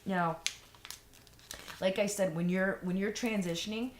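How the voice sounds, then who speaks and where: A woman's voice: mid-range voice, steady tone, measured pace. A woman vlogger giving frank, rambling advice in a casual monologue, full of fillers and restarts. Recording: echoey room, faint noise.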